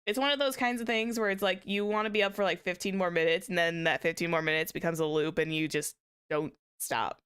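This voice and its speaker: A woman's voice: on the low side, fairly even intonation, fairly quick, a bit bright, clean tone. A woman streamer chatting casually with viewers, rambling with many restarts and small laughs. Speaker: VTuber streamer.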